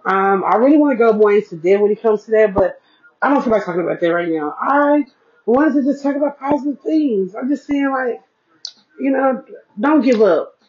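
A woman's voice: on the high side, animated, moderate pace, a little mellow. A woman hosting a casual solo podcast, chatting to her listeners, repeating phrases for emphasis and calling them y'all. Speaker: podcast host, single mom. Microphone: podcast mic. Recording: dull lo-fi recording.

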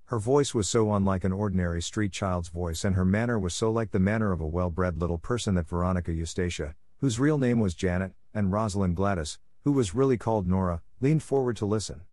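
A man narrating a classic novel as an audiobook, steady and even. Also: low voice, fairly quick, few pauses, no room sound, studio quality.

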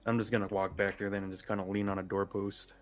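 A man's voice: deep voice, flat delivery, quick pace, faint music behind. A man playing in a tabletop game, speaking in a dry, wry and laid-back way. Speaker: player. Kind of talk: casual tabletop play.

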